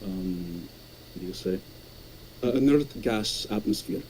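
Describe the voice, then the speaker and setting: A man putting on a Russian accent as a caller, telling a story in halting, article-dropping speech with many repeated words. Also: low voice, animated, darkish tone, slight background noise, pitched below the performer's own voice, rough recording. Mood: storytelling. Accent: put-on Russian.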